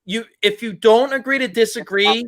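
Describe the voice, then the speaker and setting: A man's voice: extremely high pitch, normal speed. A man co-hosting a podcast in casual chat, rambling with lots of "like". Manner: rambling, hedging with "like". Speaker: podcast co-host.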